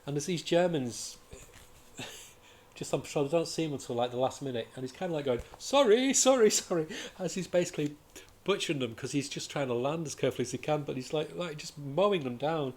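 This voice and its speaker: A man's voice: on the high side, fairly quick, darkish tone. Enthusiastic, rambling man. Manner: rambling and enthusiastic, with frequent restarts. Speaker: comic reviewer. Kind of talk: casual chat.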